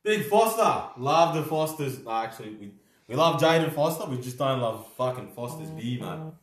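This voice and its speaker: A man's voice: medium pitch, moderate pace, faint music behind. A young Australian man co-hosting a card break, teasing his partner and swearing constantly in casual banter. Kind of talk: casual banter while opening cards. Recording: echoey room.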